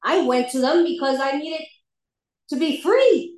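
Woman, recovery share, candid storyteller with ready laughter, high pitch, echoey room. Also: animated, unhurried, darkish tone. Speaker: speaker sharing at a recovery meeting. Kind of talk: personal recovery testimony.

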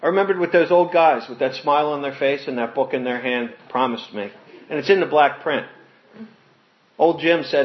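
A man's voice: on the high side, normal speed. Man telling his recovery story, lo-fi. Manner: earnest storytelling, animated when quoting others, laughs with audience. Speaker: recovery speaker. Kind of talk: personal testimony talk. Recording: muffled lo-fi recording.

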